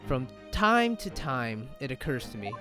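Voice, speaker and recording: A man's voice: mid-range voice, big pitch swings, bright, forceful tone, soft background music, voice pushed down. A man putting on a pompous British detective. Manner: grandiloquent, slow, halting reading.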